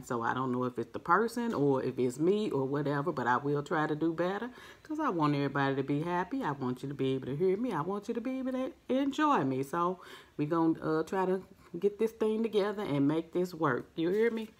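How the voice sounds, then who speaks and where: A soft-spoken woman hosting a mukbang, chatting casually with her viewers and recording without a microphone. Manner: soft-spoken, naturally low-volume voice; friendly, chatty, addresses viewers as family. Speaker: mukbang host. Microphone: no microphone, device's built-in mic.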